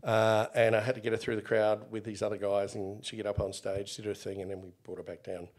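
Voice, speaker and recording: A man's voice: fairly low pitch, a little fast. A middle-aged Australian man in a casual interview, telling stories and acting out the people in them. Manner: animated, acts out quoted exchanges. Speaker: interview guest, former bodyguard.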